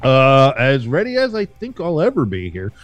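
A man hosting a casual sports podcast, talking loosely and profanely with bursts of animated emphasis. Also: medium pitch, moderate pace, dry recording, lo-fi sound, soft background music. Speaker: podcast host.

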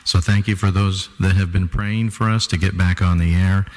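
A man's voice: low voice, steady tone, moderate pace, darkish tone, in a large hall. A male radio host giving an upbeat, folksy introduction to the program.

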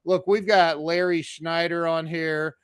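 A man's voice: a little high, level tone, unhurried, clear, resonant tone, no echo, clean studio sound. A man hosting a casual interview, stammering through restarts and laughing often. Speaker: podcast host.

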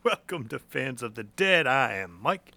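A young man chats on a podcast, his voice gravelly and full of fry. His pitch swings widely as he jokes and laughs. He often trips over his words and repeats them. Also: big pitch swings, measured pace, pushed and bright. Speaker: podcast co-host. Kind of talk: casual chat.

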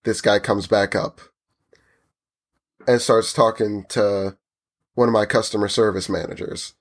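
In casual chat, a man tells a story at a measured pace, his voice on the low side. He is animated and acts out the people in his story.

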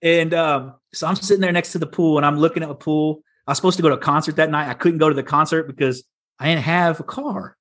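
Middle-aged man from Texas, podcast guest, candid casual storyteller, slightly high voice, lots of restarts. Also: steady tone, fast talker, a bit bright. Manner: candid, many restarts and repeats.

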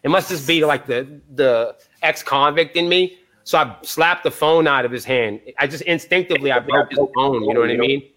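On a podcast, a band's point of contact from New Hampshire, USA, chats casually, rambling through profane stories and performing the lines people said. He talks at a normal speed with hardly any pauses, in a mid-range, slightly bright voice.

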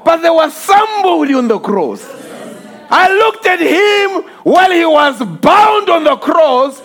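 A male preacher delivering an impassioned sermon, often shouting and crying out hallelujah as he acts out the voices in his stories. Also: extremely high pitch, big pitch swings, measured pace. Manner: acts out quoted voices while storytelling. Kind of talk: fervent sermon.

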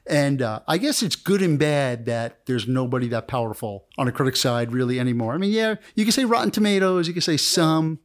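A man's voice: mid-range voice, a little fast, few pauses. A man hosting an interview podcast, affirming his guest and asking easygoing questions. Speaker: podcast host. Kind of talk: interview conversation.

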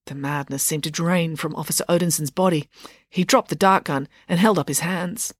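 A woman's voice: deep voice, moderate pace, dry recording, studio quality. A woman narrating a children's story as an audiobook, in a playful and wry storytelling manner.

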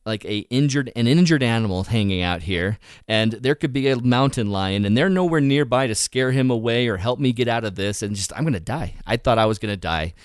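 A man's voice: mid-range voice, brisk, few pauses, clear, resonant tone, no echo, clean studio sound. A man who leads photography workshops, chatting casually and acting out his own thoughts as he tells a story. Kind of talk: casual podcast chat.

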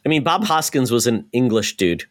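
A man hosting a gaming podcast, talking in an animated, opinionated way. His pitch moves a lot as he talks, and the recording sounds dry and close. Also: dry recording. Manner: animated, opinionated, quick asides. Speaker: podcast host. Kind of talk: casual chat.

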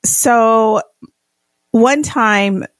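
A woman's voice: fairly high pitch, very slow, dry recording. A woman co-hosting a podcast, chatting in a laid-back, reflective way. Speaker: podcast co-host. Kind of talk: casual chat.

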